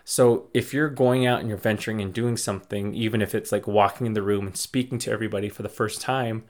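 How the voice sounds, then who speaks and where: Man, young adult, low-pitched, casual motivational talk, rambling, encouraging. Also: steady tone, fast talker. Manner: rambling, encouraging, many fillers. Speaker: podcast host.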